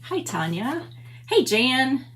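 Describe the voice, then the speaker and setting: A woman's voice: high-pitched, sing-song, slow pace, fairly bright tone. A middle-aged woman hosting a papercraft livestream, chatty and gushing as she greets viewers by name. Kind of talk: casual livestream chat. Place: home stamp room.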